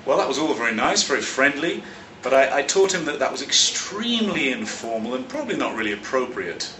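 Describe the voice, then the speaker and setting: Lively bright-voiced teacher, roomy echo. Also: male voice, mid-range voice, distant mic, a little hiss or hum. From London, England. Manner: clear, measured, stresses key words. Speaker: English teacher and teacher trainer. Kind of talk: explanatory spoken lesson. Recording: roomy echo, slightly off-mic.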